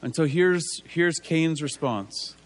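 Slow and a little high-voiced, a man delivers a conversational sermon, asking rhetorical tag questions and acting out biblical figures in casual voices.

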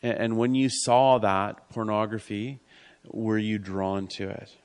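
A man preaching a sermon in an earnest way, repeating key lines and dropping to a soft hush. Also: fairly low pitch, fairly even intonation, unhurried, clear, resonant tone.

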